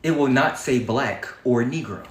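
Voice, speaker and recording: A man's voice: mid-range voice, a little slow. A man hosting a livestream, giving a defiant, preachy monologue full of swearing. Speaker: livestream host. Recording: echoey room.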